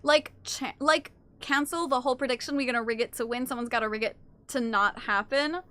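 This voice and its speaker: Picture a young woman livestreaming who answers her chat on the spot, teasing and cursing as she goes. Her voice sits high and bright. The sound is close and dry, with no room around it. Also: no echo. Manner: playful, teasing and swearing, quick reactions to chat. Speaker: streamer.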